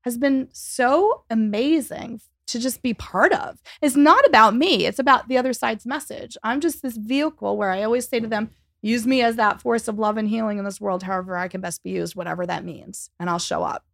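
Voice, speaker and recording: A woman telling a story as a guest in a podcast interview, animated and quick, acting out the people she quotes. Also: on the high side, gravelly, no echo, clean studio sound. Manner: fast, animated, acts out quoted dialogue. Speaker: psychic medium and author, guest.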